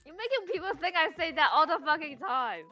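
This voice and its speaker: A woman's voice: high voice, lively intonation, fairly quick, lo-fi sound, faint music behind. A woman chatting on a live stream, teasing and chiding her co-host in slightly non-native English. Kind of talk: casual live-stream banter.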